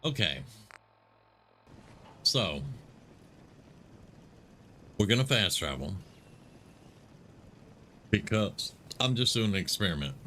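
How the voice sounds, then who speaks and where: A man live-streaming a video game, chatting and muttering his reactions as he goes. His voice is low yet forceful and bright, with faint noise behind it. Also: very animated, slow pace, pauses often. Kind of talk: live gameplay commentary.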